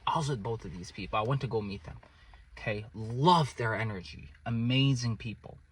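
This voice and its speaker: This young man has a mid-range voice with a breathy edge and a brisk pace. Telling his viewers a personal story, he stays casual and lively, repeatedly asking "okay?" while his loudness swells and drops.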